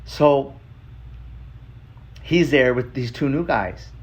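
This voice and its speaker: A man's voice: medium pitch, takes it slowly. A man hosting a podcast, telling a personal story in a loose, profane, casual monologue. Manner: loose and profane, with frequent "like" fillers. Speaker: podcast host.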